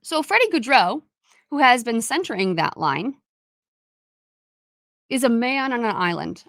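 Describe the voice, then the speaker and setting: A woman host recapping a hockey game in a chatty, animated way, full of fillers and asides. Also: a little high, a little slow, no room sound, clean studio sound. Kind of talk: casual solo game recap.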